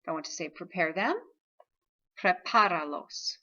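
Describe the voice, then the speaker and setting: A woman with a bright, forceful voice talks through a recorded video lesson. She explains step by step and keeps checking in with "okay?". The recording sounds dull and lo-fi. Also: on the low side, moderate pace. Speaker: Spanish teacher.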